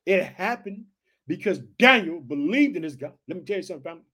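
A man's voice: high-pitched, animated, fast talker, sharp tone, slightly rough. A man preaching a fiery sermon, reading scripture aloud and breaking off with exclamations, repeated rallying calls and direct appeals to his listeners.

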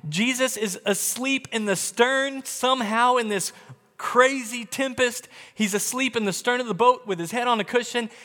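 A male pastor preaching a sermon with dramatic delivery, swinging between loud and hushed. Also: extremely high pitch, normal speed, in a large hall.

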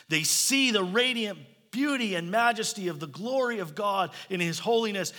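A man's voice: high voice, animated, normal speed, hardly any pauses, sharp tone, long reverb tail. A man preaching a sermon as pastor, building to emphatic declarations.

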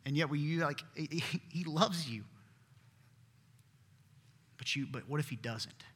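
A man preaching in a church sanctuary, earnest and conversational, shifting between loud appeals and hushed asides. His voice is slightly high and tense, with a bright, forceful edge. A long reverb from the big hall trails every phrase. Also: takes it slowly, husky. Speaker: pastor. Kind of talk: sermon.

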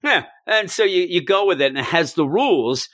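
A man co-hosting a casual comics talk show, animated and acting out characters' lines in a raised voice. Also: high voice, moderate pace, dry recording, studio quality. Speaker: comics podcast co-host. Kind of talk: casual chat.

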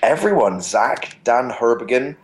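A man's voice: mid-range voice, sing-song, measured pace. A man with an English accent on a podcast, chatting casually, ranting and swearing freely. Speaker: podcast co-host. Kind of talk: casual chat.

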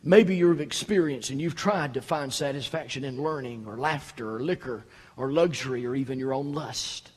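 A pastor preaching a sermon, dropping to quiet low reading and then rising to loud, high-pitched exhortation. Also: male voice, normal speed, hardly any pauses, slightly rough. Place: church sanctuary. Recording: echoey hall.

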